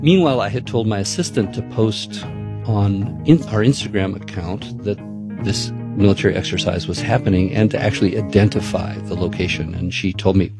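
Gravelly-voiced man in his seventies. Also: lowish voice, normal speed, darkish tone, soft background music. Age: 70s. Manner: plainspoken, indignant. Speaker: city council member. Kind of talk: interview recollection.

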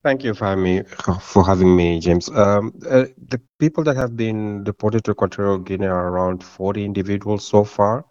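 A man's voice: lowish voice, a little fast, few pauses, darkish tone, dry recording. A man giving a remote interview as a legal advocate, speaking hesitantly with many ums and uhs, over a dull lo-fi line.

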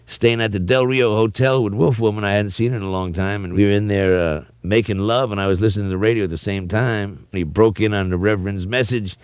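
A man's voice: on the low side, a little fast, few pauses, clear, resonant tone, dry recording. A man telling a rowdy story from his past, with vivid sound effects. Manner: lively yarn-spinner with sound effects. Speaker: interviewee. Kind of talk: animated storytelling.

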